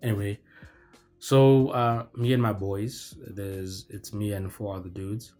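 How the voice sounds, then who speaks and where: A man's voice: fairly low pitch, fairly even intonation, measured pace, mellow, soft background music. A young man telling a story casually, rambling with lots of fillers and restarts. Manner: rambling, filler-heavy, self-correcting.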